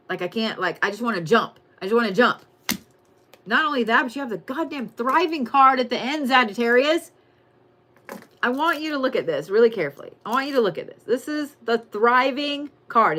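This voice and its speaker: A woman giving a casual, profane, excitable weekly zodiac reading and calling her viewers y'all. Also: a little high, normal speed. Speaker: tarot and astrology reader.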